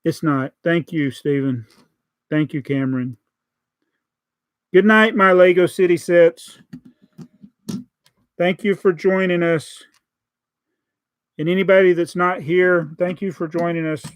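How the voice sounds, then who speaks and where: Chatty Southern American man, high voice. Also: steady tone, a little slow, pauses often, smooth, dry recording. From Southern United States. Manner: chatty, joking, reads viewer comments aloud. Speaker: livestream host building a toy set. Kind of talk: casual live-stream chat.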